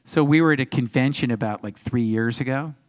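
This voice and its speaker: A man in his sixties telling stories as a panel guest, animated and acting out the other voices in them. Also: medium pitch, fairly quick. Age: 60s. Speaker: actor guest on a convention panel. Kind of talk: anecdotal Q&A storytelling. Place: convention panel room.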